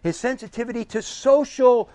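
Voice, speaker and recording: A man's voice: very high-pitched, normal speed, darkish tone, no echo, rough recording. A man preaching a sermon with emphasis, listing his points one by one and asking the audience questions.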